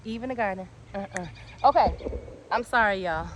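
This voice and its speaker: A woman giving a casual walk-and-talk tour of her backyard garden. She talks in an excitable, chatty way and drifts off topic easily. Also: medium pitch, normal speed. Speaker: home gardener and channel host. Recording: outdoor noise with birds and passing traffic.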